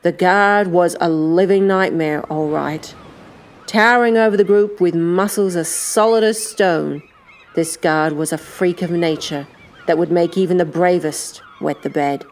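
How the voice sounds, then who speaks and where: A woman narrating an audiobook in a steady, measured storytelling manner. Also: on the low side. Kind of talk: scripted narration.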